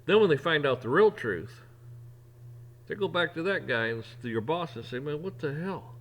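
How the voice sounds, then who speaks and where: A man's voice: a little high, animated, moderate pace, a bit bright. Blunt man ranting with salty language. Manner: blunt, profane, heated; repeats words and restarts when worked up. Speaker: podcast host. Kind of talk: opinion rant.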